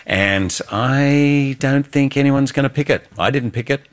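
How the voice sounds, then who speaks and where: A man's voice: mid-range voice, measured pace, clean tone. A man being interviewed as an actor guest, chatting enthusiastically about his work. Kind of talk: casual interview chat.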